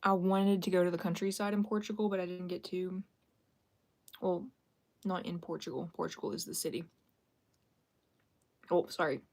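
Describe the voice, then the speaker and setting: A woman's voice: on the low side, steady tone, normal speed, long pauses, darkish tone. A young woman chatting casually on a live stream, self-deprecating and thanking viewers as she talks.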